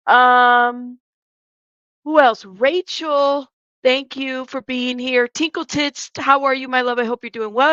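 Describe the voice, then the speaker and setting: A woman hosting a live stream, chatting casually and warmly greeting viewers one by one by name. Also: high voice, no room sound, lo-fi sound.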